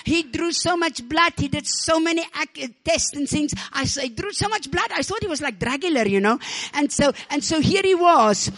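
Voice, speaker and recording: High-voiced woman preaching, slightly rough. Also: moderate pace. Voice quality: slightly rough voice from a damaged vocal cord. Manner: animated storytelling, calls for amens and praise. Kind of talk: sermon.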